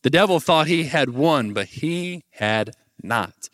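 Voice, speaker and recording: Young man, high voice, animated preaching, dry close sound. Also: slow, dry recording. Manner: animated preaching, asks the crowd to repeat words. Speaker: pastor. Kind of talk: sermon.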